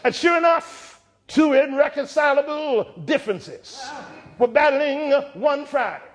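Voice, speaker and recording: A man preaching a sermon in a church, rhythmic and repetitive, rising from quiet reflection to shouted climaxes. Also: very high voice, unhurried.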